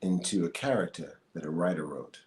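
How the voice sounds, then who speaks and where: Low-voiced man telling animated stories. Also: a little fast. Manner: animated storyteller, laughs often, many fillers. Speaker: actor and singer, interview guest. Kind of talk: casual interview chat. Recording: echoey room with faint noise.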